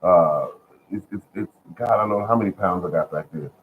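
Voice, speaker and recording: A man's voice: low-pitched, fairly quick, a little hiss or hum. A man rambling casually to his viewers from home about gardening bargains, repeating himself and calling them folks. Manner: chatty, repetitive, addresses viewers as folks. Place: at home, indoors. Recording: phone-like lo-fi sound.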